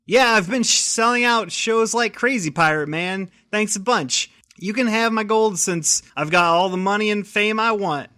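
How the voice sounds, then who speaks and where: A man's voice: high voice, moderate pace, few pauses, bright, forceful tone, voice pushed up. A man doing a laid-back hipster dragon. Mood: pleased.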